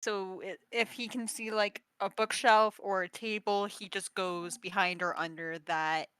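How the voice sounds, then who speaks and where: A woman player calmly explains what her character does, talking about him in the third person. Her voice is bright and sharp, recorded close and dry, at an unhurried pace. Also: mid-range voice, clear, resonant tone, no room sound. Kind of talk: casual tabletop role-play.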